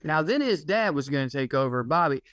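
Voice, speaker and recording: Podcast co-host, male, slightly high voice, sardonic rambler, dry close mic. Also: lively intonation, a little fast, fairly bright tone, no echo. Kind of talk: casual comedic podcast chat.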